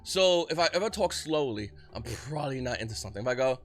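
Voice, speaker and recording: A man giving excited, rapid market commentary as host of his channel, often restarting his sentences. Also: mid-range voice, faint music behind. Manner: talks fast when excited, frequent restarts. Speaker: trading card market commentator.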